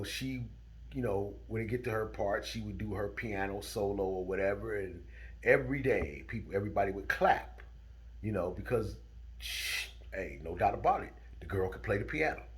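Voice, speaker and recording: Middle-aged male storyteller, unhurried drawl with a bright edge, casual. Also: lowish voice. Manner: drawling, chuckling, gets heated and loud.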